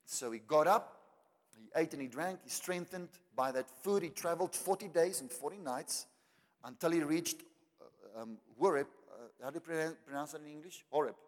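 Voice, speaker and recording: A man preaching a sermon, swinging between loud climaxes and quiet asides. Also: on the high side, moderate pace. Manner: dramatic preaching with rising shouts and soft drops. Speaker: pastor. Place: church hall. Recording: long hall reverb.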